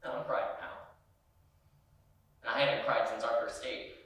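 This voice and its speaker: A young man performing a dramatic solo monologue, moving between quiet hurt and loud anger. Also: mid-range voice, flat delivery, normal speed. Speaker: stage performer. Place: university performance space. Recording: very echoey room, mic far off.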